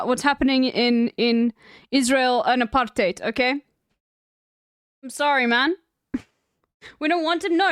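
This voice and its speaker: A woman's voice: high-pitched, a bit bright, no room sound, clean studio sound. A young South African woman with a South African accent, chatting casually and profanely on her stream. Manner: profane, rambling, laughing asides.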